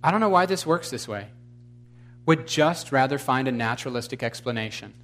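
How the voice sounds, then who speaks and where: A man's voice: medium pitch, lively intonation, fairly quick, a bit bright. A man preaching a sermon with emphatic delivery. He questions his congregation, adds wry, blunt humor, and builds to fervent exclamations. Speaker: pastor.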